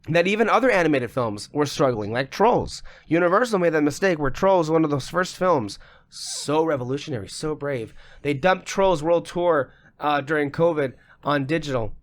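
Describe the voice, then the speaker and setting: Male podcast co-host, fairly high-pitched, emphatic and profane, voice slightly worn. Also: lively intonation, moderate pace. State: losing his voice. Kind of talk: casual podcast discussion.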